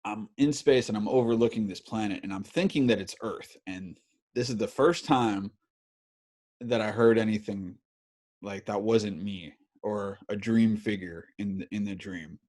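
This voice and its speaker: A man's voice: fairly low pitch, moderate pace. A man in his thirties hosting a podcast, telling a story in casual chat full of swearing and fillers. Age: 30s. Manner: animated, swears a lot, many fillers. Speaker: podcast host.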